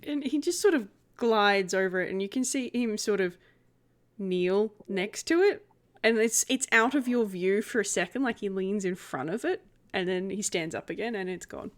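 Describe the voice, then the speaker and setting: A woman's voice: mid-range voice, normal speed. Woman game master narrating a tabletop game. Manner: relaxed, descriptive, giggly.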